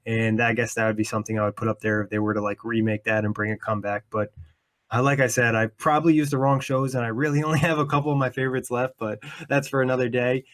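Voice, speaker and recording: Male podcast host, relaxed and chatty, laughs a lot. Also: medium pitch, quick pace. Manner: easygoing, laughs often while asking questions. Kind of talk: casual podcast chat.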